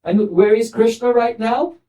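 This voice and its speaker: A man's voice: very high-pitched, measured pace, warm tone, distant mic. A man voicing a playful young female cowherd girl who teases her rival in a sacred storytelling lesson. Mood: teasing. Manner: sly, teasing.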